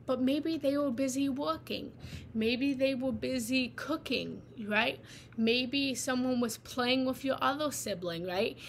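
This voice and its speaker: A woman with a fairly high voice gives a live meditation teaching in a warm, conversational way. She keeps checking in with her listeners, and faint noise sits under her voice. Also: unhurried. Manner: conversational, tags lines with "right?". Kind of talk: live guided talk on feelings.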